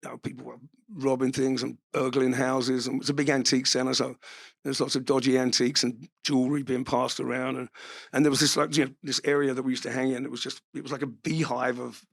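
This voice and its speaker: A man's voice: mid-range voice, little pitch movement, quick pace, creaky. A man, an interview guest telling stories casually, swearing freely and laughing as he talks. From England. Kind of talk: casual storytelling.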